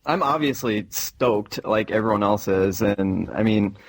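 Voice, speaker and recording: A man's voice: on the low side, unhurried. A man talking casually as a podcast guest, in an easygoing, rambling way with lots of fillers.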